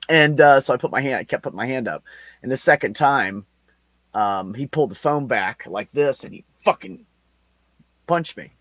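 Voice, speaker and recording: A man's voice: medium pitch, normal speed, dry recording. A man in his forties, a podcast host telling a story in casual, heavily profane chat. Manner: profane, animated anecdote with laughs.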